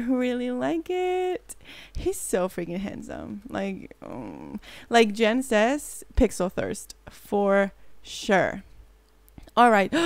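A woman's voice: on the high side, gravelly, dry recording. A woman hosting a casual gameplay commentary, bubbly and rambling, often gasping and gushing as she talks. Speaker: let's play host.

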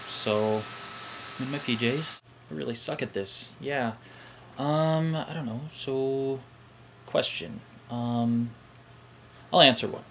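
A young man with a Midwestern American accent, hesitant and full of ums as he chats casually to the camera at home. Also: mid-range voice. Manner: hesitant, lots of ums and "I don't know". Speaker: vlogger. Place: at home, in pajamas. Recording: air conditioner hum behind.

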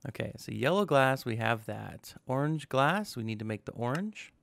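A man's voice: mid-range voice, expressive, brisk, creaky, few pauses, no room sound. A young man hosting a gaming channel, talking casually to himself as he plays and tossing in jokey asides. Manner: chatty, self-talking, joking asides. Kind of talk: casual gameplay commentary.

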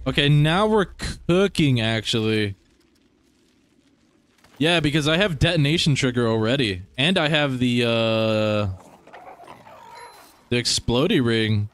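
A young man giving casual gameplay commentary as he plays, excitable, swearing often and talking to his viewers. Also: medium pitch, unhurried, pauses often, smooth, no room sound. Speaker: gaming streamer.

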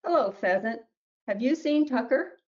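Lady reading aloud as mary, higher voice, asking every critter about her cat, kinda muffled lo-fi sound. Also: lively intonation, moderate pace, a little mellow, close to an everyday voice. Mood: hopeful asking. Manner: asks each creature the same question politely. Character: Mary, a woman searching for her lost cat.

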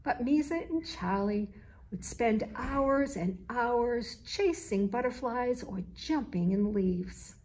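A woman author reading her children's picture book aloud, in a slow, clear storytelling manner. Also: fairly high pitch, lively intonation, darkish tone.

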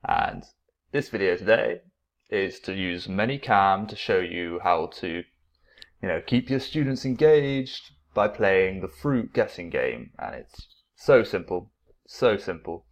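A man who teaches English online, explaining a classroom game in a relaxed, casual way and repeating his points. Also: deep voice, unhurried. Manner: relaxed, repeats himself, acts out playful classroom exclamations.

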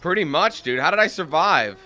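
A man doing casual let's play commentary on a video game. He swears freely and breaks into frustrated shouting. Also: fairly high pitch, animated, normal speed. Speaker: gaming channel host. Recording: game music playing underneath. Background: video game music and sounds.

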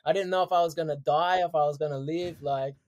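A man, a podcast guest telling his story in casual, animated chat, laughing often. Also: on the high side, fast. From Australia.

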